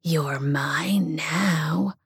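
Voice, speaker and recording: Woman doing a whispered role-play demon, low and growling. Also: drawn-out words, slightly rough, no room sound, clean studio sound, exaggerated voice. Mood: gloating. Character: menacing male demon, fanged and growling.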